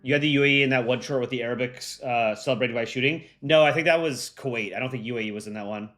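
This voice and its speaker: A young American man chatting casually on a live stream as its host, relaxed and full of ums and likes. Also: mid-range voice, quick pace, faint music behind. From United States. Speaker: streamer and voice actor.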